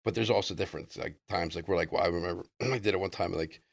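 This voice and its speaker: A man telling a rambling personal story as a podcast guest in casual chat, loose and excitable, full of "like" and "dude". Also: sits low, fast talker, vocal fry, dry recording.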